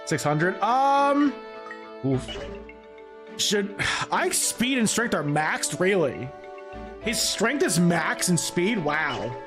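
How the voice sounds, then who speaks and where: Animated, jokey male game streamer. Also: high voice, very slow, pauses often, music in the background. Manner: animated, rambling, jokey, laughs often. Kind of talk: live gaming commentary.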